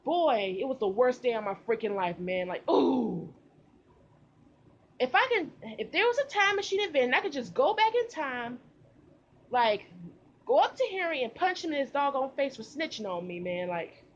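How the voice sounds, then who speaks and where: A young woman vlogger recording outdoors, telling a casual storytime with animated delivery and slang. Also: high-pitched, moderate pace, muffled recording. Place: outdoors in humid heat.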